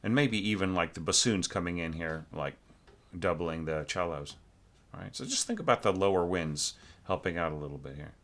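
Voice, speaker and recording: A man teaching orchestration, giving a relaxed score critique full of fillers and self-corrections, now and then singing phrases on nonsense syllables. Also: sits low, normal speed. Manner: relaxed, thinks aloud, sings phrases with syllables.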